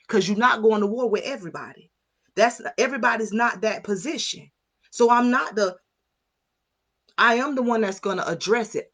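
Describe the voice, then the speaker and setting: A woman in middle age delivers a motivational talk with the fervor of a preacher. Her voice sits at an ordinary middle pitch, and she speaks straight to her listeners, drawing them in. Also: a bit bright. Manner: impassioned, preacher-like, addresses listeners as y'all. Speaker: mindset coach.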